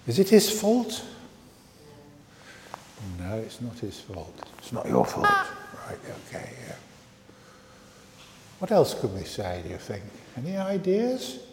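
A man leading a church service, reading scripture and then speaking to children in a measured, expressive way. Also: a little high, a little hiss or hum. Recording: echoey, reverberant large room.

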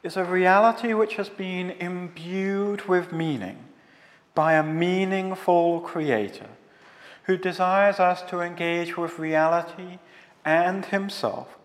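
A man giving a measured, solemn sermon, building long rhetorical lists. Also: sits high. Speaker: preacher. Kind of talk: scripted theological sermon. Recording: long hall reverb.

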